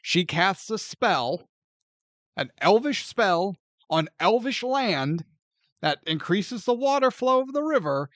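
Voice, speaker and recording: Animated, lively man reviewing a movie. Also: high voice, slow pace, no echo. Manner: animated and joking, often laughs and acts out scenes. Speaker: podcast co-host. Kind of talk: casual movie review chat.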